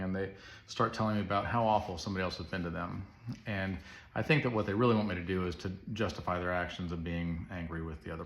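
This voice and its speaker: Gravelly-voiced man preaching casually. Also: sits low. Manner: conversational storytelling with asides. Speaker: Christian speaker. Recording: echoey room.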